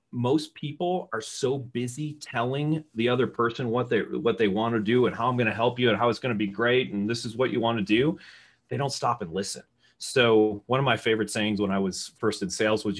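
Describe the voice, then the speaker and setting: A middle-aged man with a loud voice, teaching real estate sales to a live audience in an energetic, conversational way and asking the room questions. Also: mid-range voice, slightly rough. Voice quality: loud talker.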